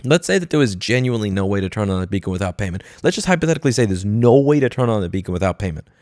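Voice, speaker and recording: A man's voice: on the low side, expressive, rapid-fire, darkish tone, no echo. A man hosting a commentary video, ranting angrily with profane, sarcastic outbursts, close to a studio mic. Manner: mocking, switching into put-on corporate voices. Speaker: commentary host. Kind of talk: angry commentary rant. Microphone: studio microphone.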